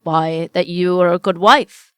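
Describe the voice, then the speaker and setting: A woman's voice: on the low side, steady tone, a little slow, clean tone, no room sound, clean studio sound, close to an everyday voice. A woman reading aloud, voicing a humble, kindly father who speaks earnestly and tenderly to his family. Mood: cheerful. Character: kindly humble father, gentle and warm-hearted.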